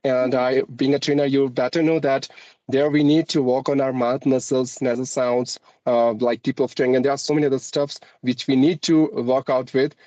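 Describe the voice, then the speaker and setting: A man's voice: medium pitch, level tone, moderate pace, mellow, no echo, muffled recording. Man, Indian English accent with American-British mix, polite, formal, dry close sound. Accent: Indian English with a mixed American-British lilt. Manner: polite and formal, often says ma'am. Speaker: guest, English teacher on YouTube. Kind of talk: conversational interview.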